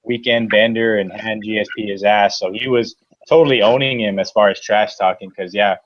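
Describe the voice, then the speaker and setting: A man's voice: on the low side, steady tone, a little fast, lo-fi sound. A man co-hosting a sports podcast, blunt and offhand in casual chat. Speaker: podcast co-host.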